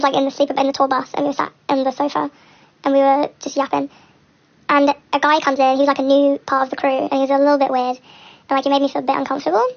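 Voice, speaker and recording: A young woman speaks in a high, gravelly voice full of fry. She rambles quickly through a personal story on a livestream, candid and laughing nervously, and the lo-fi stream audio sounds dull.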